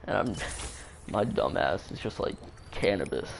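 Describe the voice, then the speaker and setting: A man's voice: low-pitched, expressive, a little slow, background noise. A man telling a story in a casual, rambling way, swearing a lot and using plenty of fillers. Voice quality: creaky. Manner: rambling, profane, full of fillers.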